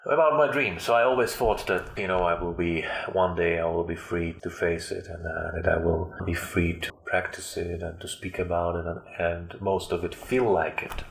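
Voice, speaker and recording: Deep, flat-voiced man telling his story. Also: vocal fry, roomy sound. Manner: halting, with frequent fillers and restarts. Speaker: interview guest. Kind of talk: personal storytelling.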